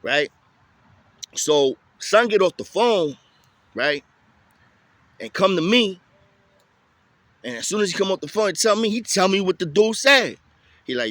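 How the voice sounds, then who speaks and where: A man telling a story in casual street slang, lively and chatty. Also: high-pitched, unhurried, pauses often, no echo. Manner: street slang, animated, tosses in "you feel me".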